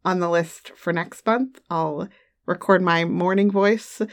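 A woman's voice: on the low side, fairly even intonation, a little slow. A woman giving a casual monthly update to her listeners, chatty and giggly, on a home microphone, with a slightly runny nose. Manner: chatty and giggly, trailing off with fillers. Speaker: adult audio creator. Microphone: studio microphone at home.

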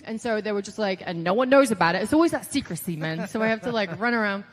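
A woman's voice: medium pitch, fast, in a large hall. A woman guest telling stories in a casual interview, chatty, full of "like" and quoted voices. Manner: chatty, lots of "like", animated quoting of others.

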